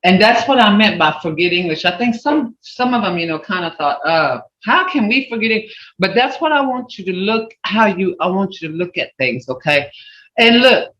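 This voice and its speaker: A language teacher on a video call who repeats words and swoops the pitch to show tones. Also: lively intonation, normal speed, fairly bright tone. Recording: roomy, dull lo-fi video call audio.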